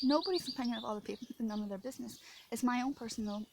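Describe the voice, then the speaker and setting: A woman's voice: fairly high pitch, racing, creaky, background noise. An Irish woman vlogging while shaken and upset, talking indignantly and rambling, sometimes dropping into a whisper. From Ireland. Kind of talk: emotional venting to camera. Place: outdoors in rural France. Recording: outdoor recording with birdsong behind.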